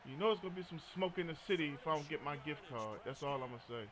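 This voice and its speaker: A man's voice: a little high, expressive, very fast, a crowd in the background. A man streaming a video game, chatting casually, joking and telling stories. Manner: joking, storytelling, frequent laughter. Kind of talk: casual gaming commentary.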